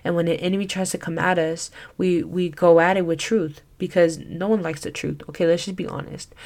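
A woman's voice: fairly low pitch, steady tone, brisk, a little mellow. A young woman giving a casual Christian teaching talk as a podcast host, earnest and chatty, full of "like" and "you know.".

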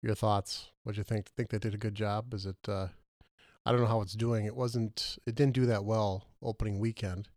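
A man co-hosting a casual movie podcast, questioning his partner and arguing his points with lively jumps in pitch. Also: normal speed. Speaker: podcast co-host.

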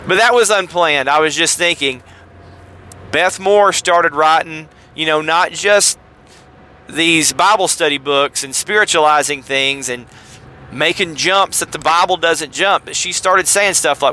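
A man's voice: a little high, normal speed, pushed and bright. A man hosting a podcast, talking in a wry, sardonic commentary style with stumbling restarts. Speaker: podcast host. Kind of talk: casual commentary.

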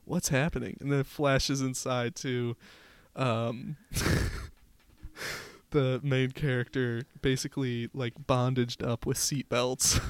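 Smooth-voiced young man telling stories. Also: medium pitch, little pitch movement, slow. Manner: laughs through his stories, playful. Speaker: podcast co-host. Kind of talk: casual storytelling chat.

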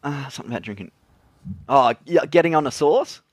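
A young man with an Australian accent chats loosely as a podcast guest, his middle-pitched voice recorded close and dry. He rambles through his points with plenty of fillers and laughs. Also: lively intonation, fairly quick, husky, no room sound. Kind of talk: casual podcast chat.

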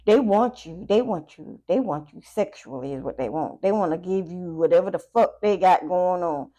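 A woman giving a casual tarot reading to her viewers, talking in a chatty, profane way with animated asides. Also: lowish voice. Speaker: tarot reader.

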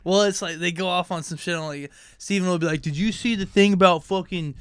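A man's voice: high voice, fairly quick, a bit bright, clear, resonant tone, no room sound, clean studio sound. A young man co-hosting a podcast, defensive and rambling, repeating himself in casual chat. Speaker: podcast co-host.

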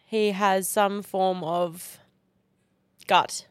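A woman's voice: medium pitch, fairly even intonation, very slow, smooth, no room sound. A woman co-hosting a podcast in casual chat, blunt and swearing freely, close to the mic. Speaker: podcast co-host.

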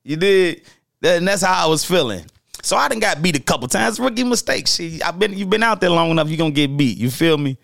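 A man spins old street stories in a loose, casual way, his voice sitting a little high and full of gravelly fry. He acts out the people in the tale with lively jumps in his voice. The sound is close and dry, with no room around it. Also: brisk, no echo. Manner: animated, acts out quoted voices, loose slang-heavy talk with restarts. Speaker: storyteller host.

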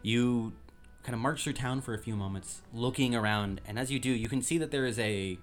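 A man narrating as game master of a tabletop game, describing scenes in a relaxed way with frequent ums. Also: medium pitch, fairly quick, soft background music.

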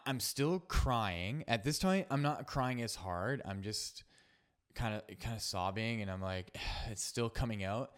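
A man hosting a solo podcast, telling a personal story in an earnest, halting way with frequent restarts and fillers. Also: on the low side. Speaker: podcast host.

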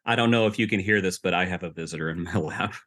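A man's voice: sits low, quick pace, fairly bright tone. A man who is a guest on a podcast, chatting playfully and easily slipping into comic voices. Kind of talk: casual chat.

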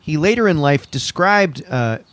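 Animated, laughing male podcast host. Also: fairly high pitch, normal speed, slight background noise. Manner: animated, laughs often, jokey. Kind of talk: casual comedic chat.

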